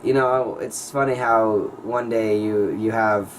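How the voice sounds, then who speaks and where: A teenage male high school senior telling a rambling, excitable story in a casual vlog, full of "like" and "you guys.". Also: takes it slowly, distant mic, slight background noise, poor audio. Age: teens. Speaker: vlogger.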